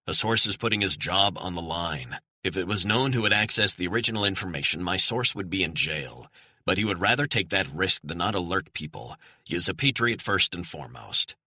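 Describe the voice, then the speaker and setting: A man's voice: sits low, lively intonation, a little fast, pushed and bright, no room sound, full character voice. A man voicing an earnest journalist urging a skeptical colleague to believe his source. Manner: earnest, persuasive.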